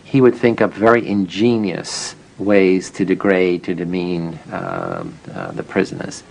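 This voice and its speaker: A man's voice: low voice, little pitch movement, unhurried, poor audio. A man interviewed for a documentary, telling the story reflectively and acting out the dialogue he quotes. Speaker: interviewee recalling the experiment he ran.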